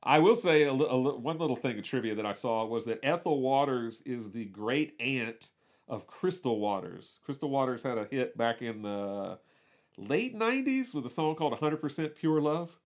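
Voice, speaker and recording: A man's voice: medium pitch, lively intonation, normal speed. A man co-hosting a podcast, chatting casually about movies, restarting sentences and repeating words as he goes. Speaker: podcast co-host.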